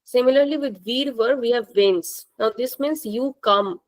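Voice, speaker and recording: A woman with a fairly high-pitched voice teaches a language class, speaking slowly and patiently and repeating words for her students. The recording is rough.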